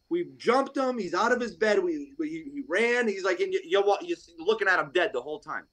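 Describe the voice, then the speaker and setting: A man from Rhode Island telling a hunting story on a podcast in a casual, animated way, acting out what people said. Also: high voice, fairly quick, few pauses. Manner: animated, acts out quotes, laughs often. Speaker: podcast guest, deer hunter.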